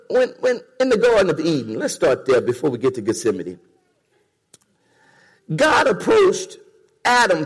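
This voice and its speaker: A man's voice: high-pitched, vocal fry, breathy edge, long reverb tail. A man preaching a sermon in a church, rhythmic and repetitive, calling on the congregation to respond. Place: church sanctuary.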